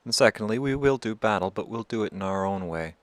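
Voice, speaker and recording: Shrewd war chief, blunt and steady, a touch raised in pitch, told by a storyteller. Dry sound. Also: male voice, fast talker, dry recording, lightly acted. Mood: firm, blunt. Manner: blunt and scolding.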